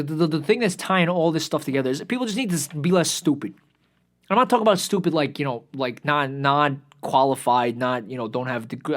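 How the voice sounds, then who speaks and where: A young man hosting his own show, ranting in a profane, exasperated way that sags at times into weary muttering. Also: on the high side. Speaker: podcast host. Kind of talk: ranting commentary.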